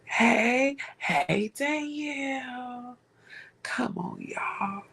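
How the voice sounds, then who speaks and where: A woman's voice: sits high, breathy edge, heavily acted. A woman mimicking a whispery fake-sweet friend. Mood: mock pleading. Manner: soft drawn-out mocking whisper. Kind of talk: whispered role-play.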